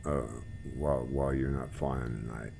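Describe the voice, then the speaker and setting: Very deep gravelly man, rambling chat. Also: moderate pace, soft background music. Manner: relaxed, rambling, trailing off quietly. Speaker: flight sim group host. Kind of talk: casual chat while flying.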